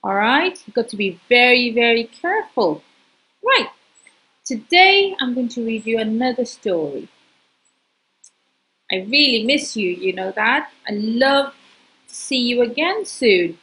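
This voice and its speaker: Female storyteller, higher than average voice, lively sing-song delivery, reads a picture book to a small child unhurriedly. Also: unhurried, pauses often, poor audio.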